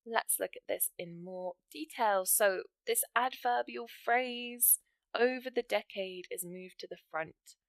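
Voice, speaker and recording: In a slow, mid-range voice, a woman coaches English writing exam grammar, going through example sentences step by step. Her manner is encouraging, and the recording has no echo.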